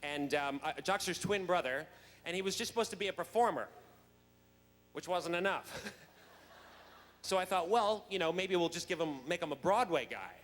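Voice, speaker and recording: A man's voice: high voice, moderate pace, pauses often, fairly bright tone. A man, a guest actor at a fan convention, telling a comic backstage story in a chatty, laughing way with many restarts. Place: large convention hall. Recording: echoey hall, faint noise.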